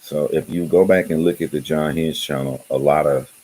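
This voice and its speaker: A man's voice: rumbling low, steady tone, moderate pace, low-quality recording. A man hosting his own channel, talking loosely and rambling in casual livestream chat, often laughing. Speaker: YouTube channel host.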